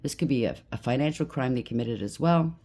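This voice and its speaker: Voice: medium pitch, lively intonation, fairly quick, warm tone. A tarot reader giving a casual, blunt and emphatic reading, stacking up lists of labels.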